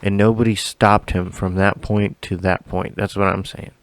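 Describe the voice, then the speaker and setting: A man on a podcast he co-hosts tells a long, wandering story peppered with swearing and laughter. His clear, resonant voice sits on the low side, with little pitch movement and a normal speaking speed.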